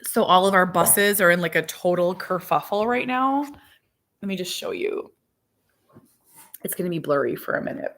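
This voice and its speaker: A woman's voice: lowish voice, very animated, normal speed, a bit bright. Woman, thirties, from minnesota, chatty rambling livestream talk, phone camera at home. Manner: chatty, rambling, talks to viewers and dog. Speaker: vlogger. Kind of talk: casual livestream chat. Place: home in winter.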